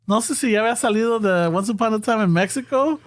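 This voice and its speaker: A man's voice: high-pitched, fast talker. A young man, chatting casually as a podcast co-host and telling stories full of swearing while switching between English and Spanish. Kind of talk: casual chat.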